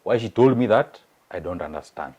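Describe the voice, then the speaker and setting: This young man, a guest with a Kenyan accent, recounts a personal story in a casual chat that switches between English and Swahili, animatedly voicing the people he quotes. He talks briskly, and his voice is on the low side and slightly rough.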